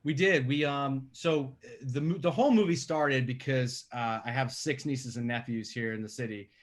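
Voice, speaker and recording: A man's voice: mid-range voice, moderate pace. New man, thirties, podcast guest, conversational storyteller. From Staten Island, New York. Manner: conversational, animated when telling stories. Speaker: guest filmmaker. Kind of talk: podcast interview over a call.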